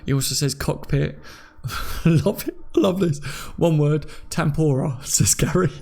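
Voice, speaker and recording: A man's voice: a little high, measured pace, creaky, darkish tone. A young man hosting a casual live stream, reading viewer comments aloud and laughing often.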